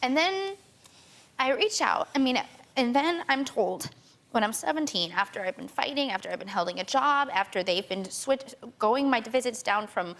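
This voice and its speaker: A young woman with a slightly high, creaky voice tells a talk show host her emotional story. She rushes along, trips over her words and acts out what other people said to her. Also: expressive, fairly bright tone. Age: young adult. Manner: rushed, repeats herself, quotes others. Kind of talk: emotional personal account.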